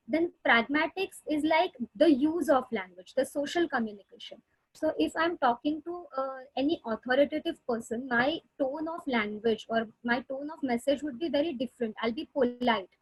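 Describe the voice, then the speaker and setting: A woman therapist lectures in a webinar, her voice high and bright above most. The sound is dry and close, as on a video call. She explains step by step, pausing on fillers and restarting phrases. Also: no echo, low-quality recording. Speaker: speech therapist presenter. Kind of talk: webinar lecture answering questions.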